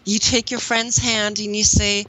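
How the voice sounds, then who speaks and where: A woman's voice: mid-range voice, little pitch movement, measured pace, bright, forceful tone, poor audio. Earnest woman telling a rambling story. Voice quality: earnest, rambling with many "you know"s and "um"s. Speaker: guest. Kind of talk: recounting a personal spiritual story.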